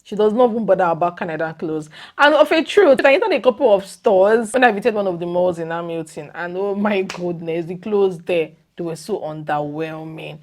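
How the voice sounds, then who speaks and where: A young woman vlogging casually to her viewers, animated and exclamatory, her voice leaping up when she makes a point. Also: brisk, few pauses. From lives in the UK. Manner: animated and exclamatory, leaps up in pitch when emphatic. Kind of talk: casual vlog chat.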